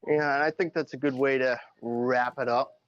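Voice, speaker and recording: A man with a mid-pitched voice chats in a loose, rambling way and swears freely. His mic sounds dull and lo-fi, with a dry sound and no room. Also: steady tone, normal speed, a bit bright, no room sound. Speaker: podcast co-host. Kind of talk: casual political chat.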